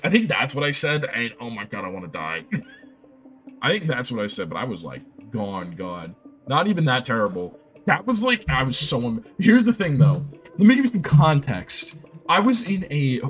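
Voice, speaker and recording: A young man live-streaming a game, chatting casually and telling rambling, excitable stories. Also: medium pitch.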